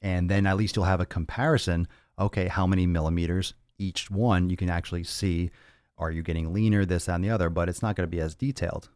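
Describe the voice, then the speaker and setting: A man's voice: sits low, fairly even intonation, quick pace, darkish tone, smooth, no echo, clean studio sound. A man hosting a casual fitness podcast and answering viewer questions bluntly, with profanity and lots of repeated, rambling phrasing. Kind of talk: casual livestream Q&A.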